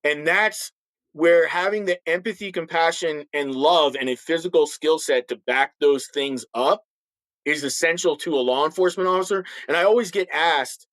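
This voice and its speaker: A middle-aged man, a former police officer, speaks on a podcast in a somewhat high voice for a man. He talks bluntly and forcefully and often restarts his sentences. The sound is dry and close. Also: lively intonation, moderate pace, no room sound, rough recording. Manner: acts out others' voices in stories. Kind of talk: podcast interview talk.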